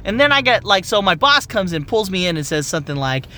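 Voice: medium pitch, sing-song, quick pace, bright, forceful tone. A young adult medical office worker ranting in a heated, profane, exasperated monologue.

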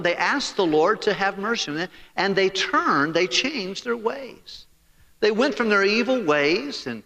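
A man's voice: on the high side, big-room sound. A man preaching a storytelling sermon, folksy and joking, acting out the story's dialogue. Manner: animated, acts out the dialogue of the story.

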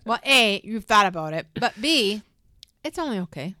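A woman co-hosting a podcast, chatting casually in a relaxed, matter-of-fact way into a desk mic. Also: mid-range voice, normal speed, dry recording, studio quality. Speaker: podcast co-host. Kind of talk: casual chat. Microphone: desk microphone.

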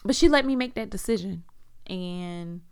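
A woman's voice: normal speed, smooth. A woman in her forties, originally from Las Vegas, telling a personal story in a candid, blunt way, swearing freely and acting out what people said. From Las Vegas, USA. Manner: acts out quoted speech with big jumps in pitch.

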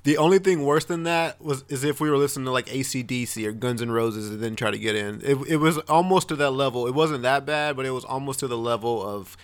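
A man's voice: mid-range voice, quick pace, few pauses. A man from Texas co-hosting a casual podcast, chiming in with agreement and swearing freely. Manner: chiming in, profane, laughing along. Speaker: podcast co-host. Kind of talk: casual chat.

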